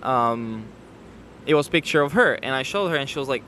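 A man with a foreign accent tells a casual story as a guest. He talks in a halting way, with restarts and non-native grammar. There is a faint noise behind him. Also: medium pitch, animated, sharp tone. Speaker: guest telling how he met his partner.

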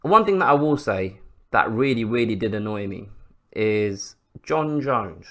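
A man's voice: lowish voice, expressive, measured pace, fairly bright tone. Impassioned man ranting on a podcast. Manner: impassioned, rhetorical questions, swears freely. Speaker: podcast host. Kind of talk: casual sports commentary monologue.

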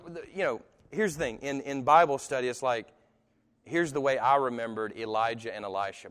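A man's voice: mid-range voice, a bit bright. A man preaching a live sermon to an audience, talking conversationally with sudden emphatic rises and occasional chuckles. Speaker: pastor. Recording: long hall reverb.

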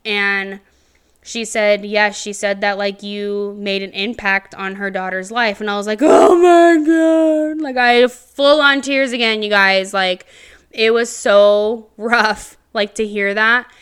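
Young female teacher-podcaster with a crisp, bright voice. Slow, raw, profane personal storytelling. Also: mid-range voice, flat delivery. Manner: candid, profane, rambling with many fillers. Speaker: podcast host.

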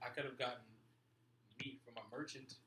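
A man's voice: mid-range voice, steady tone, brisk, sharp tone. A man co-hosting a casual podcast chat, playful and jokey, rambling through his questions. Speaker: podcast co-host. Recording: echoey room with faint background noise.

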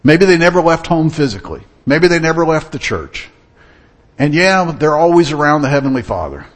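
A man's voice: fairly high pitch, very animated, brisk. A man preaching a sermon in an earnest, storytelling manner. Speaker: pastor.

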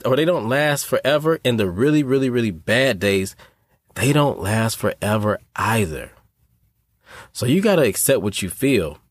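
Man, podcast host, earnest motivational talk, middle pitch, dry close sound. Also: no room sound. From North Carolina. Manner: earnest, preachy, addresses listeners as y'all.

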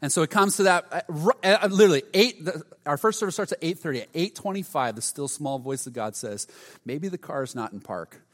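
A middle-aged man preaches from the pulpit, slipping into animated stories with sudden loud bursts. His voice sits a little high. The sound rings with the long reverb of a church sanctuary. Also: quick pace, few pauses. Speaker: pastor. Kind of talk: sermon.

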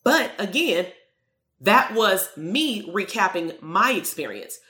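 A woman's voice: medium pitch, big pitch swings, slow, sharp tone. A woman business coach giving a motivational monologue in a blunt, emphatic way, swearing freely. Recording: roomy echo.

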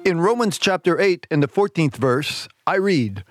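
A man hosting a radio sermon, reading scripture slowly and with emphasis, and asking listeners to repeat lines with him. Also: on the high side, lively intonation, soft background music. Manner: emphatic, slows down to stress scripture. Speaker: radio preacher, host.

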